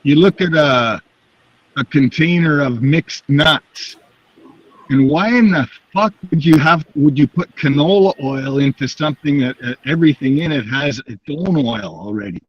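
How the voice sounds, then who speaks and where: A man's voice: a little high, normal speed, breathy edge, no echo. Man, exasperated rant, dry dull recording, casual chat. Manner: ranting, exasperated complaints.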